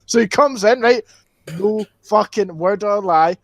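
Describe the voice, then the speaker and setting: High-voiced sweary Scottish lad. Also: male voice, measured pace, no room sound. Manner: sweary, excitable, frequent "right?" tags. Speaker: podcast co-host. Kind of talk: casual storytelling chat.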